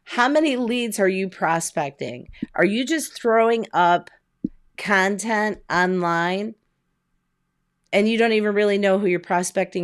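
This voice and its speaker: A woman coaching at home in a lively, conversational way. She fires rhetorical questions at her listeners with steady motivational energy. Her voice sits at an ordinary middle pitch. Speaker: business coach. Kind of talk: motivational online coaching talk.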